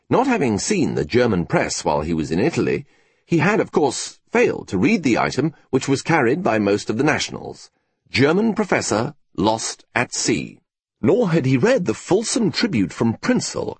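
Husky male audiobook narrator. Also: mid-range voice, no echo.

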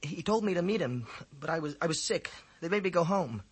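A man with a husky voice playing a nervous schoolboy who speaks haltingly. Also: on the high side, expressive, pitched above the performer's own voice. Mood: anxious. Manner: hesitant, halting speech. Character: anxious, worried schoolboy.

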